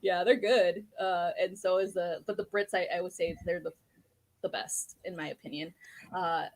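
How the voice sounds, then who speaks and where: A woman's voice: on the low side, fairly even intonation, moderate pace. A woman guest in a casual podcast chat, telling stories animatedly, laughing a lot and swearing freely.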